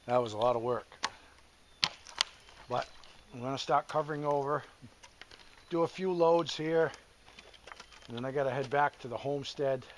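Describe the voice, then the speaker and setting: A man's voice: mid-range voice, normal speed, long pauses, slight background noise. A man hosting an off-grid homesteading vlog, chatting in a folksy way outdoors and full of country sayings. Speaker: homesteader, channel host. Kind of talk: casual outdoor vlog talk. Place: outdoors in the woods.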